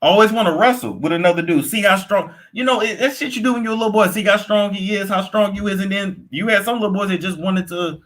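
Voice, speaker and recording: A young man giving casual, profane gossip commentary, animated and quick to react, sometimes slipping into put-on accents. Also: high voice. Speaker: commentary host.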